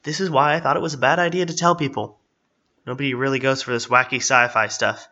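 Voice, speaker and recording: A man's voice: mid-range voice, steady tone, fast, pushed and bright, close to an everyday voice. A man voicing a sarcastic, breezy male dimension-hopping guide. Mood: wry. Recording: slightly dull, lo-fi.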